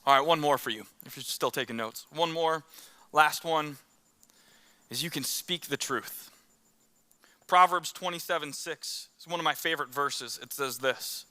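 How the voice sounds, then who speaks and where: A man's voice: a little high, moderate pace, sharp tone, smooth. A man preaching a conversational sermon, telling stories and acting out the quotes in them. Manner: acts out quotes in the story. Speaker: pastor.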